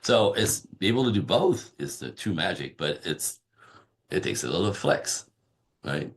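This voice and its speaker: A man's voice: sits low, measured pace. A man, a relationship coach, talking casually on a podcast and acting out little dialogues from his stories. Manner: animated storyteller acting out dialogue. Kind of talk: conversational podcast interview.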